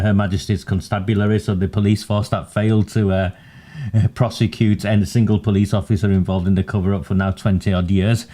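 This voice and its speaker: A man's voice: lowish voice, mellow. A man hosting a political commentary livestream, earnest and pointed with wry asides.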